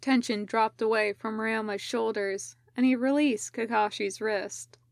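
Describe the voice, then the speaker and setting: A woman narrating a fan-fiction audiobook in a measured, even way. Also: fairly high pitch, vocal fry, no echo, studio quality. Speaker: podfic reader.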